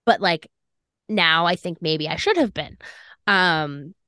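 A woman's voice: fairly low pitch, takes it slowly, clean tone, no room sound. Chatty young woman, dry close sound. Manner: animated, fillers of "like", acts out quoted lines. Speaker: podcast co-host. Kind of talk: casual storytelling chat.

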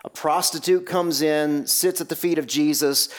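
Male preacher, slightly higher voice, expressive delivery with rhetorical questions, sermon read. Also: normal speed. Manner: animated, rhetorical questions, varied pace.

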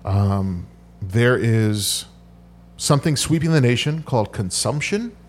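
A man's voice: medium pitch, lively intonation, a little slow, slight background noise. A man hosting a podcast, telling history in a rambling, joking casual chat. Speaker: podcast host.

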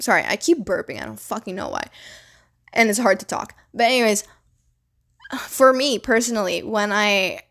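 Blunt, swearing young woman vlogger. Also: fairly high pitch. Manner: blunt, swears often, loose and chatty. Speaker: vlogger giving relationship advice. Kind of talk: casual advice rant.

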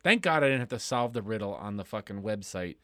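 A man's voice: on the low side, lively intonation, fairly quick, sharp tone, dry recording. A man co-hosting a podcast, bringing the news in blunt, profane, opinionated casual chat. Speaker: podcast co-host.

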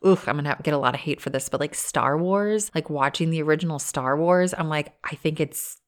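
Chatty low-voiced woman co-host. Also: a little fast. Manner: chatty, playful, self-mocking. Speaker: podcast co-host. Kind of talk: casual chat.

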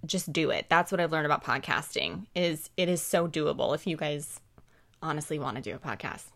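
Woman, young adult, podcast co-host, casual, rambling, lowish voice. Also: animated, a little fast, vocal fry, a bit bright. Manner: rambling, filler-heavy, laughs often. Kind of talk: casual chat.

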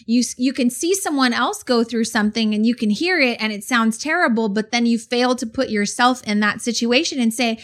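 A woman's voice: a little high, brisk, few pauses, a bit bright. Earnest woman telling a story. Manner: earnest, tells personal stories. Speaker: podcast co-host. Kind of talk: conversational storytelling.

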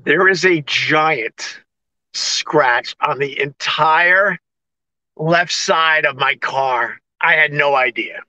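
High, bright-voiced New man ranting. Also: takes it slowly, no room sound, low-quality recording. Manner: exasperated, sarcastic, acts out both sides of conversations. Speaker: vlogger on a live stream. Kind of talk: ranting casual monologue. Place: parked car on a city street.

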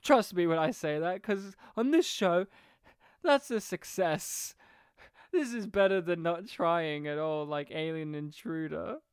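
A man's voice: on the high side, unhurried, smooth, dry recording, studio quality. A man co-hosting a podcast, chatting casually about a movie and acting out lines from it with lots of swearing. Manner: animated, sweary, acts out quotes. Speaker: podcast co-host reviewing a movie. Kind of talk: casual chat.

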